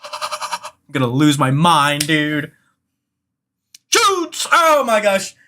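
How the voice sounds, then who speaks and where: A bright, sharp-edged voice calling a hockey video game play by play, swinging between quick announcer patter and cursing outbursts at bad passes. Loose, excitable and unfiltered, as if streaming a match alone. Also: mid-range voice, slight background noise. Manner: excitable, profane, yells at the game. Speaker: gamer commenting own match.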